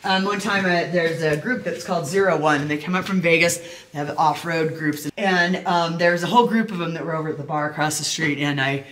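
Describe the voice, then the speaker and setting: A woman's voice: sits low, fairly quick, a bit bright. Casual storytelling tour guide woman, recorded in a reverberant old building. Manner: chatty storyteller, many fillers, laughs easily. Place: inside an old abandoned hotel. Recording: echoey room, faint noise.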